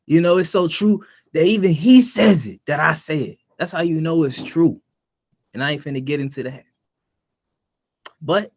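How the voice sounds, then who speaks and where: A man's voice: on the high side, moderate pace, long pauses. Boastful man on lo-fi podcast audio. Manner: boastful, playful trash talk. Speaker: podcast co-host. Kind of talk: casual podcast banter. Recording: dull lo-fi sound.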